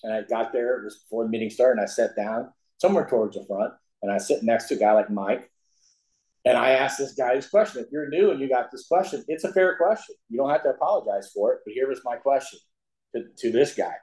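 Speaking at a recovery meeting in an echoey room, this middle-aged Ozark Mountains man, USA, shares his story with the group and laughs at his own jokes. He talks at a quick pace in a medium-pitched voice with a darkish tone.

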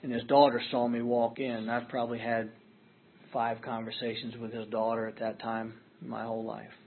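A man's voice: medium pitch, monotone, fairly quick, slight background noise. A middle-aged man speaking at a recovery meeting, telling his own story in an earnest, self-deprecating way. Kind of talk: personal storytelling talk. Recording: tinny phone-like audio.

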